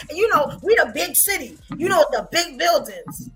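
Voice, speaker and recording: A woman's voice: high-pitched, very animated, moderate pace, hardly any pauses, fairly bright tone. A woman from New York with a New York accent, chatting animatedly and boastfully on a podcast with frequent laughs. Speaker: podcast co-host. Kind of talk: casual chat.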